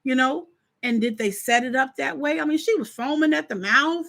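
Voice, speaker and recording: A woman's voice: sits high, normal speed, gravelly. A woman hosting a live stream in casual chat, talking straight to her viewers and acting out her own reactions. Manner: chatty, animated, acts out her reactions; informal, talks straight to viewers.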